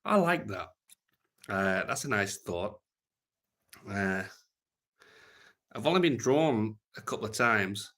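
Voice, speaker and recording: Crude rambling British man, bright voice. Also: fairly low pitch, big pitch swings, slow, pauses often. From Britain. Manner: rambling, crude and joking, trailing off into mumbles. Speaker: livestream host reading chat. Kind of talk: casual unscripted livestream chat.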